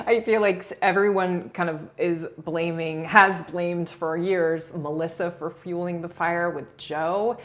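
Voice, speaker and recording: Chatty woman, lowish voice. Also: steady tone, measured pace, hardly any pauses. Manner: chatty, hedging, frequent restarts and soft laughs. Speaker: reality TV commentator. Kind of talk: casual video commentary.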